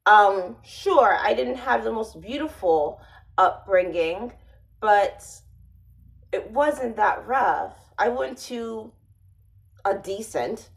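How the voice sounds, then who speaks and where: A woman talks to camera in a casual vlog monologue, taking her time with an unhurried, drawn-out delivery. She rambles and restarts her sentences, with a dry, sardonic edge. Her voice sits at an ordinary middle pitch. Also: animated, vocal fry, low-quality recording. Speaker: vlogger.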